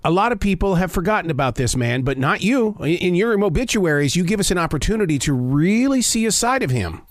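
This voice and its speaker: A man's voice: high voice, big pitch swings, a little fast, dry recording, studio quality. A man hosting a casual interview, speaking in an effusive, folksy and eager way. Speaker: interviewer, show host.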